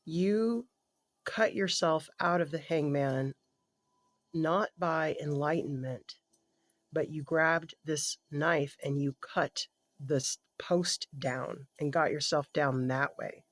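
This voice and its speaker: Gentle halting tarot reader. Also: mid-range voice, dry recording. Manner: thinks aloud, halting and self-correcting; gentle, empathetic, drops to a soft murmur at times. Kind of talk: casual spoken reading for an unseen client.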